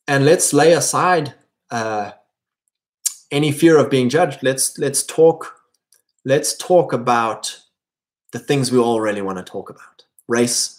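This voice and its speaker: A man hosting his own video, delivering a blunt, provocative, preachy monologue. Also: mid-range voice. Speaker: video host. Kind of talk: monologue to camera.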